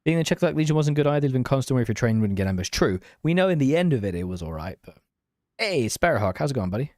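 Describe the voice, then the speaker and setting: A man's voice: medium pitch, big pitch swings, rapid-fire, a little mellow, dry recording. Young man, casual game streamer, self-deprecating chatter, dry booth-like sound. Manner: self-mocking, chatty, reads and answers chat. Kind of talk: casual live-stream gameplay chat.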